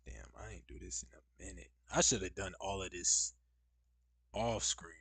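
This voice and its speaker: A man's voice: deep voice, normal speed, vocal fry, a bit bright, no room sound. A young man live-streaming, chatting casually and rambling to his viewers with slangy asides. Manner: rambling, talks straight to chat with slangy asides.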